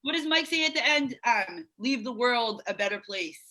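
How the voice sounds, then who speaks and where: A woman's voice: on the high side, lively intonation, moderate pace, a crowd in the background, low-quality recording. A woman hosting an online meeting on a video call, chatty, reading out comments with plenty of fillers. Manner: chatty, reads out viewer comments, many fillers. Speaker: host of an online recovery meeting.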